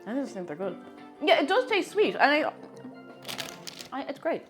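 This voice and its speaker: A woman's voice: high-pitched, sing-song, normal speed, fairly bright tone, faint music behind. Playful, chatty woman streamer. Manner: chatty and playful, greets viewers by name. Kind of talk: casual chat while baking on a live stream.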